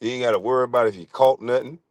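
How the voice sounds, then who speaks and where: A middle-aged man streaming a profane comic rant, crude, loud and laughing often. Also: mid-range voice, fairly even intonation, very fast, dry recording.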